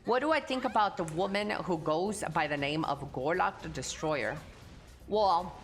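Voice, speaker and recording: A woman's voice: on the low side, fairly bright tone. A young adult woman streaming live, chatting casually and answering chat bluntly, with frequent swearing. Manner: blunt and profane, reading chat aloud and answering.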